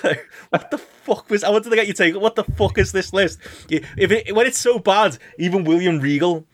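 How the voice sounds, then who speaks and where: A man hosting a casual podcast chat, animated and mocking, often laughing and swearing. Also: high-pitched, moderate pace. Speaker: podcast host.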